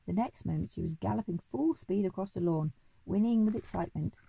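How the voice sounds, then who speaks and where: A woman reading a children's story aloud in a measured, expressive way. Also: mid-range voice, gravelly, husky, dry recording, low-quality recording.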